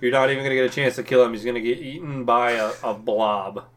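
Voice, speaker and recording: A man's voice: medium pitch, steady tone, quick pace. A man co-hosting a casual gaming chat, cursing and joking while he acts out his reactions. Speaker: podcast co-host.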